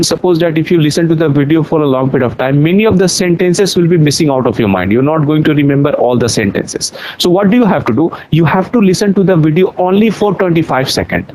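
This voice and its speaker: Indian english teacher guy, slightly high voice, walks through steps asking himself questions. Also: darkish tone, low-quality recording. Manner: explains step by step with rhetorical questions. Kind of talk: explaining methods in a conversation.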